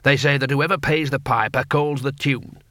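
A man's voice: medium pitch, fairly even intonation, moderate pace, fairly bright tone, no room sound, studio quality, natural voice. A man doing a hearty old barbarian. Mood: agreeing.

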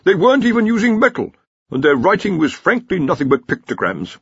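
A man voicing an indignant, pompous older male wizard dean with a shrill, fussy, scolding manner in an audiobook. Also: huge pitch swings, a little fast, gravelly, fairly bright tone, breathy edge, dry recording, lo-fi sound, heavily acted. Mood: grumbling. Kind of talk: audiobook character voice.

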